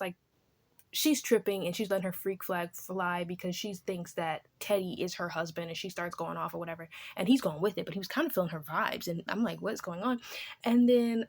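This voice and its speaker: Casual book vlogger, a woman with AAVE, animated and profane, voices the characters as she recaps. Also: medium pitch. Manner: animated, swears freely, acts out characters' lines.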